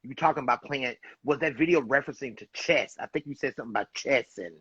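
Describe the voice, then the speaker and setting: A man hosts a casual interview chat, effusive and full of encouragement. His voice is bright but a little husky. It comes through dry and muffled. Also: mid-range voice, fast talker, no room sound. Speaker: host. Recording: dull muffled dry sound.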